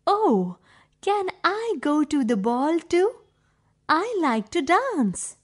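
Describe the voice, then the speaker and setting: A sweet young girl speaks softly and simply in a children's storybook, as a woman reads her part. The voice rises a little above the reader's own and moves very slowly, each phrase set apart. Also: high voice, big pitch swings, heavily acted. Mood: hopeful. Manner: soft, simple, slow storybook reading.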